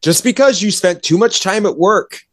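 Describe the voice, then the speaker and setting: A movie reviewer rants with exasperation about a film in a casual podcast chat, swearing often and acting out characters' lines in quoted voices. His voice sits high with lively intonation at a moderate pace. The recording is studio quality with no echo.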